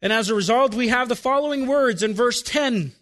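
Preaching in a very high voice, the pastor hurls emphatic rhetorical questions at his flock. He repeatedly falls to slow, hushed phrases and then builds back up.

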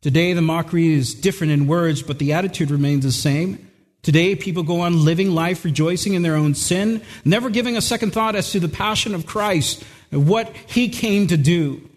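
A man's voice: on the high side, normal speed, big-room sound. A male pastor preaching an earnest, emphatic sermon and repeating words for stress.

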